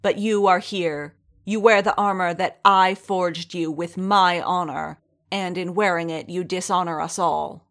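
A woman reading the lines of a stern, dispassionate female warrior leader with a low, dangerous edge. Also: fairly even intonation, measured pace, a bit bright. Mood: menacing.

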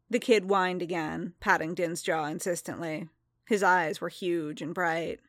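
A woman narrating a story aloud in an even, calm reading voice. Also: lowish voice, a little slow, no echo, studio quality. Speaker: reader.

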